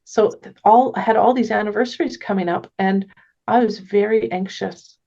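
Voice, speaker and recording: Gentle woman with a gravelly voice. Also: medium pitch, fairly even intonation, normal speed, lo-fi sound. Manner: gentle, earnest, with frequent restarts. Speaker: podcast guest. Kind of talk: casual conversation.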